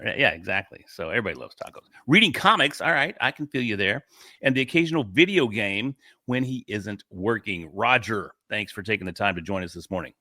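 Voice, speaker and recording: Bright-voiced jokey male podcast host. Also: on the low side, expressive, brisk, no echo, clean studio sound. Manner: jokey, rambling, self-deprecating. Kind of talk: casual podcast chat. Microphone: remote call setup.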